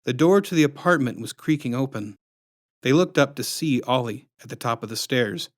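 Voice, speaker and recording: A man reading his own storybook aloud with expressive, dramatic narration. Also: mid-range voice, moderate pace, dry recording, studio quality.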